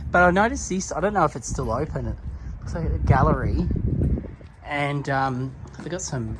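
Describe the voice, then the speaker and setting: A chatty Australian man narrating a casual travel vlog outdoors in a country town, excitable and laughing often. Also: fairly high pitch, normal speed, over music. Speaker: vlogger. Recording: noisy outdoor handheld recording.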